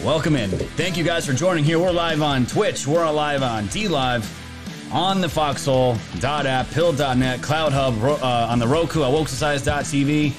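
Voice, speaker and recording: A man's voice: a little high, normal speed. Guy hosting a live stream, rambly and joking around, music going behind him. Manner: rambling, jokey, loose with filler words. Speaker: livestream host. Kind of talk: casual political livestream talk. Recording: music playing underneath.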